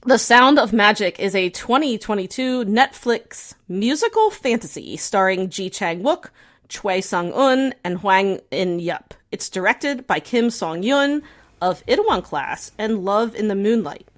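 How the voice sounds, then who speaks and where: A woman's voice: medium pitch, lively intonation, measured pace. A woman co-hosting a podcast, reading a prepared summary and chatting casually in a wry manner. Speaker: podcast co-host. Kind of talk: casual chat and scripted intro reading.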